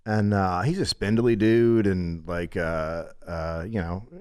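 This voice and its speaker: A middle-aged man from California telling a comedic story, profane and animated, often laughing through the punchlines. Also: sits low, slow pace, smooth. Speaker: podcast guest.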